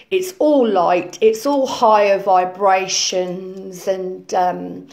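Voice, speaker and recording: A woman playing a self-important conspiracy influencer in a comedy parody lesson, preaching in a rambling way full of ums and repeated phrases. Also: fairly high pitch. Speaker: lecturing influencer character.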